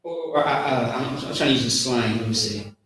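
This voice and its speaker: A man's voice: mid-range voice, fairly bright tone, slight background noise. Man coaching pronunciation in an echoey room. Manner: patient, repetitive coaching with drawn-out sounds. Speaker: religious class teacher. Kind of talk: pronunciation lesson. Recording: very echoey room, mic far off.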